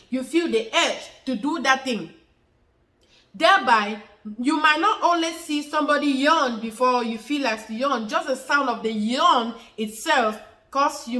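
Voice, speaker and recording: A woman's voice: on the high side, fairly bright tone. Woman explaining health topics in an echoey room. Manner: repetitive, circles back to points, many fillers. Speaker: health educator. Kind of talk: unscripted explainer talk to camera.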